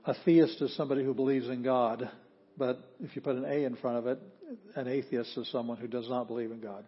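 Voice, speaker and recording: Husky male teacher, unhurried and halting, sounding out words syllable by syllable; dull lo-fi recording. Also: medium pitch, steady tone. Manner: patient, halting, many ums, sounds out words slowly. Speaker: Greek teacher. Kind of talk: informal classroom lesson.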